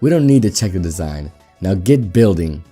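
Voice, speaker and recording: A man voicing an arrogant company boss who scoffs at and shouts down a builder. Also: sits low, big pitch swings, moderate pace, breathy edge, soft background music, exaggerated voice. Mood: scornful, angry. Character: arrogant, blustering male fuel company boss.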